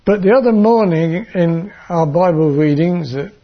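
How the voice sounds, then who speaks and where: A man preaching a sermon and reading from the Bible in a measured way, sometimes stumbling and repeating words. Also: a little high, muffled recording.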